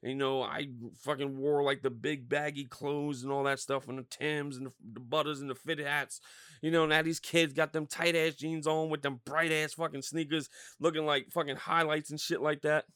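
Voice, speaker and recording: A man's voice: fairly high pitch, normal speed, smooth, dry recording, clean studio sound. A man in his thirties hosting a podcast, ranting casually with lots of swearing and filler words. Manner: profane, animated ranting with frequent fillers. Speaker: podcast host. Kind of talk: casual rant.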